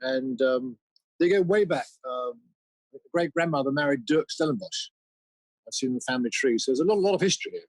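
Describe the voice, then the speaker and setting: A man, a musician guest, chatting in a relaxed, anecdotal way. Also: medium pitch, brisk, no room sound, poor audio. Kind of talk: casual interview chat.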